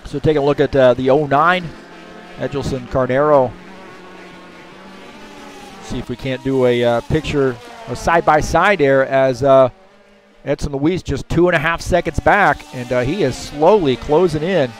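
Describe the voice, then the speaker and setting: A man's voice: mid-range voice, normal speed. A man giving casual, chatty commentary on a sim race, with lots of fillers.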